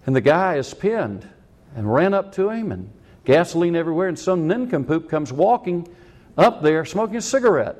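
An older man, a pastor, preaching a sermon in an animated way that acts out the quotes he tells. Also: fairly high pitch, normal speed.

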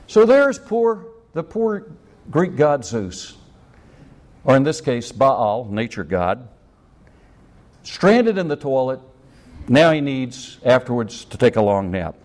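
A man's voice: mid-range voice, big pitch swings, slow pace, pauses often, a little mellow. A man preaching a sermon, cracking jokes and acting out scenes in voices. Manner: jokey, acts out scenes in voices. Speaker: pastor.

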